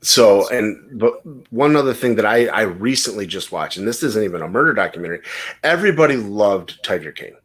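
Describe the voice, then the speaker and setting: A man's voice: fairly low pitch, expressive, a little fast, a bit bright, slightly rough. A man hosting a casual podcast, telling rambling stories and swearing freely. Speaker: podcast host.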